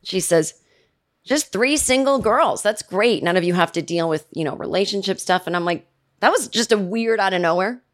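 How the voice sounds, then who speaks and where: A woman in her forties hosting a podcast, telling a rambling comedic story in a chatty way and mimicking her family with shrill yells. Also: fairly even intonation, a little fast. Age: 40s. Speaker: podcast host. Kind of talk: casual comedic monologue.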